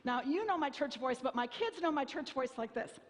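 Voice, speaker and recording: A woman's voice: sits high, expressive, fairly quick. A woman pastor in her fifties preaching a sermon, telling stories in a wry, self-mocking way and acting out voices. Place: church sanctuary. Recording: long hall reverb.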